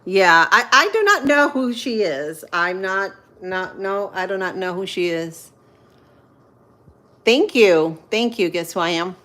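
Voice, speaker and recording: A woman in her thirties from Central Florida hosts a casual livestream, chatting with viewers as she cooks. She talks at an unhurried pace, pausing and filling gaps as she thinks aloud. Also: mid-range voice, lively intonation, pushed and bright. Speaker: livestream host. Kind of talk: casual live-stream chat while cooking.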